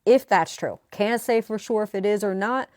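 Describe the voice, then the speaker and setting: A woman recapping a court trial in a chatty, animated vlog style. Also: medium pitch, normal speed, no echo, studio quality. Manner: chatty, animated retelling with quoted voices. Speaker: true crime commentator.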